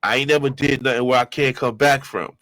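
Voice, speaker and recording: A man hosting his own show, giving loose, slangy street commentary and shout-outs. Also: medium pitch, steady tone, fairly quick, no echo. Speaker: show host reacting to clips. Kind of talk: casual commentary.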